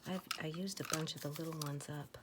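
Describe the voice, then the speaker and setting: A woman softly murmuring to herself as she arranges stamps and paper pieces in a journal, often slipping into a whisper. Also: low voice, steady tone, quick pace, heavy background noise. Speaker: journal crafter. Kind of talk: soft-spoken crafting chat.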